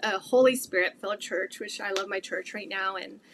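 In an interview, a middle-aged woman earnestly shares her faith testimony, rambling and leaning on plenty of fillers. Her mid-range voice moves briskly, and the recording carries a faint hiss or hum.

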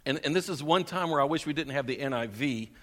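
Male pastor, high and bright voice, lively sermon delivery, long church-hall reverb. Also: fast talker. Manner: animated, questions the congregation, chuckles often. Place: church sanctuary.

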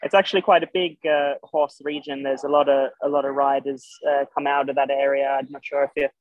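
A young Australian man with an Irish-tinged accent, a showjumping guest chatting casually, halting with many fillers and restarts. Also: medium pitch, flat delivery, no room sound. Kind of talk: casual interview chat. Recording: dull lo-fi podcast sound.

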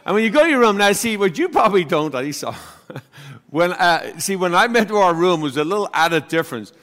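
A priest with a slightly high voice preaches to his congregation in a loose, conversational manner, full of pauses and restarts. He slips into the voices of the people in his anecdotes, and his words ring out with a long reverb through the church. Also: expressive, fairly bright tone. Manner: chatty, halting, acts out voices in his story. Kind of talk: homily with personal storytelling.

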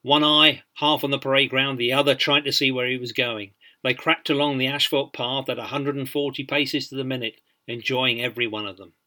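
A man narrating a biography in an audiobook, measured and dryly humorous. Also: medium pitch, bright, forceful tone.

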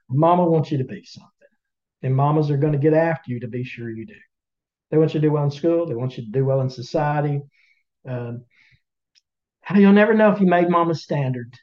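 A man's voice: on the high side, lo-fi sound. A man with a Southern US accent, a podcast co-host telling a folksy story to listeners in a drawling, chatty way with teasing asides. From Southern United States.

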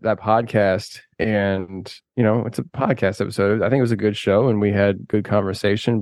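A man with a lowish voice talks in a loose, rambling way. He laughs often and restarts his sentences as he chats. The sound is dry and close, with no room echo. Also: darkish tone. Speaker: podcast host and filmmaker guest. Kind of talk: casual conversation.

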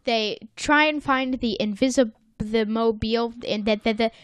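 A woman's voice: fairly high pitch, moderate pace, smooth, no echo, studio quality. An American woman co-hosting a podcast, recapping a cartoon episode in casual chat and playfully acting out the characters. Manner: playful, acts out characters in quotes. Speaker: podcast co-host.

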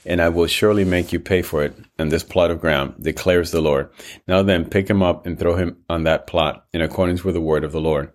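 A man's voice: deep voice, steady tone, a little fast, natural voice. A man voicing a bold, blunt male army commander in a scripted reading. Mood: commanding.

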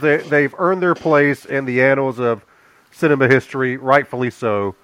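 A man's voice: medium pitch, normal speed, a bit bright, clean tone, low-quality recording. A man co-hosting a casual movie-review podcast who repeats himself and keeps saying "yeah.". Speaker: podcast co-host.

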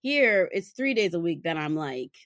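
A woman's voice: fairly low pitch, sing-song, moderate pace, fairly bright tone, no echo, clean studio sound. A young woman co-hosting a podcast in casual chat, animatedly telling stories and acting out her children's voices. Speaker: podcast co-host.

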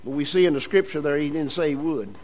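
A man's voice: a little high, fast, a little mellow, a little hiss or hum, low-quality recording. A male preacher delivering a sermon, with emphatic repetitions and emphasis that rises and falls.

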